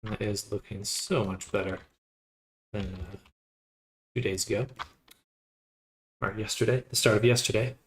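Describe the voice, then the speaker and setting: A man casually thinking aloud with pauses while he works live on a 3D model. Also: on the low side, steady tone. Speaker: 3D modeling streamer. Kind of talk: casual live-stream commentary while working.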